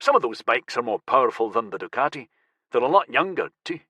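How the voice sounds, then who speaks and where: A male narrator voicing a gruff, matter-of-fact middle-aged man in an audiobook. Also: medium pitch, big pitch swings, brisk, bright, forceful tone, no echo, exaggerated voice.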